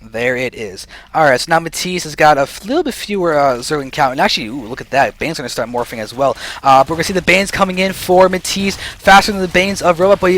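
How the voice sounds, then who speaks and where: A young man giving solo play-by-play commentary on a strategy game, excitable and short of breath, speeding up then slowing down. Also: high-pitched. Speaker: esports caster.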